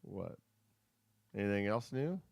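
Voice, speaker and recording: A man's voice: lowish voice, expressive, measured pace, vocal fry, a little mellow. A middle-aged man hosting a casual family chat show, laid-back, joking and teasing. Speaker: host, father of his co-host.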